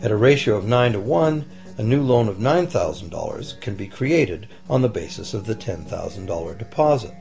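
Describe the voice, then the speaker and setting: Gravelly low-voiced male documentary narrator. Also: moderate pace, few pauses. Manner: calm explanatory delivery. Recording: voice-over with faint music behind.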